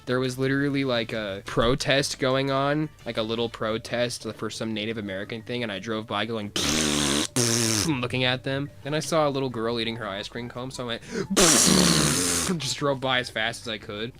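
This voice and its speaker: A man's voice: mid-range voice, moderate pace, loud music behind the voice. A young man telling a rambling, self-mocking personal story in a casual way, often breaking into laughter. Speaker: vlogger.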